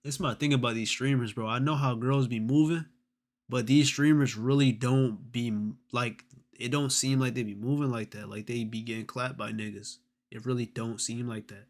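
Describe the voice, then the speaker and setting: A man's voice: medium pitch, fairly even intonation, moderate pace. A man hosting a live stream, reacting to messages in a slangy, profane, sarcastic way. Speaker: streamer host. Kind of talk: casual reaction commentary.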